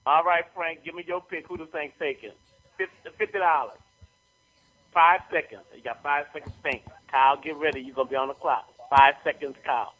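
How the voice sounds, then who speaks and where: Male sports radio host, emphatic and excitable, slightly high pitch. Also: fairly quick, lo-fi sound. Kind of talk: sports talk radio banter.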